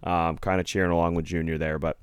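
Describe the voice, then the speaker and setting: A man's voice: deep voice, flat delivery, quick pace, clear, resonant tone, no room sound. A man hosting a casual chat, reading listener questions and telling a rambling story. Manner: laid-back, rambling, swears casually.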